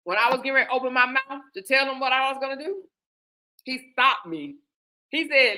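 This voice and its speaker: A woman with a bright, forceful and fairly high voice tells her own story. She talks in a lively, animated way, addressing her listeners as friends. The delivery feels like a relaxed personal story told from the heart. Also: brisk. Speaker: host.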